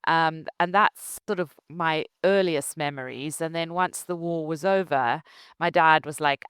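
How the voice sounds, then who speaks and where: Woman, Zimbabwean accent, middle-aged, low pitch, dry close sound, animated storytelling. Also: unhurried, clear, resonant tone, no room sound. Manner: animated, laughs often, acts out quotes. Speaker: company founder, guest. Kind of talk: conversational interview storytelling.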